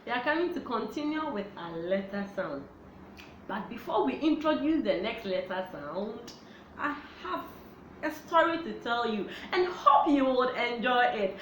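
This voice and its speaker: A woman teaching young children a phonics lesson, in a slow, sing-song, animated way. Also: a little high. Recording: echoey room with faint background noise.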